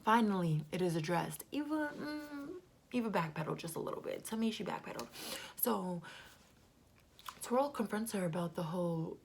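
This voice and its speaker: A woman's voice: fairly low pitch, expressive, normal speed, vocal fry, slight background noise. A woman giving a casual, chatty recap of a reality TV episode, gossipy and prone to whispered asides.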